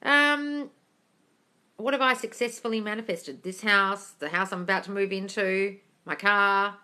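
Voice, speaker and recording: Bright-voiced woman answering viewers. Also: mid-range voice, steady tone, measured pace. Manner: warm, gushing, calls viewers darling. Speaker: host answering live viewer questions. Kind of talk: casual live-stream chat.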